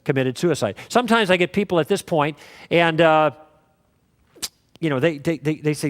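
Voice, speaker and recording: A man with a high voice teaches a class, walking through his points in a relaxed, story-driven way. He quotes both sides of past conversations as he explains. The sound rings with a long reverb, as in a lecture hall. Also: moderate pace, long pauses.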